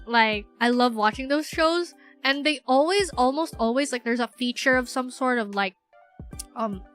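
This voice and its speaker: A woman's voice: sits high, normal speed, fairly bright tone, smooth, faint music behind. A young woman from the Philippines chatting on a livestream, rambling and giggly with lots of fillers. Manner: rambling, giggly, filler-heavy, self-mocking. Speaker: VTuber streamer. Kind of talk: casual livestream chat.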